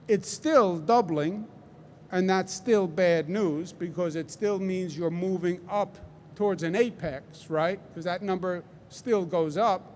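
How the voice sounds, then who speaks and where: A man with a Queens accent addresses a press briefing in a high, unhurried voice, pressing each point home and checking in with his listeners. Faint ambience hums behind him in a large indoor space. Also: a little mellow, a little hiss or hum. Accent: New York Queens. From New York. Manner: deliberate, emphatic, with rhetorical check-ins. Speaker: government official at a press briefing.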